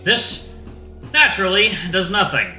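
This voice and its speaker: A man's voice: high-pitched, huge pitch swings, a little slow, pushed and bright, reverberant, faint music behind. A man hosting a gaming channel who casually reads a story game aloud. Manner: casual and rambling, with slang. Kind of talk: reading a visual novel aloud.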